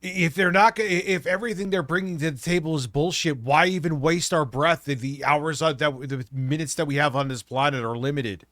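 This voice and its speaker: A man's voice: a little high, fairly quick, hardly any pauses, a bit bright, dry recording, clean studio sound. A man making sarcastic, profane interjections during casual stream commentary. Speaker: stream co-host.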